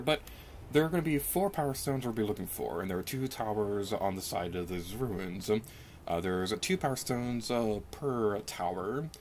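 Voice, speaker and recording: Chatty young man with excitable pitch jumps. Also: slight background noise. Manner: chatty and self-mocking, with quick pitch jumps when excited. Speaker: let's play commentator. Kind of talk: casual gameplay commentary. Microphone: desk microphone.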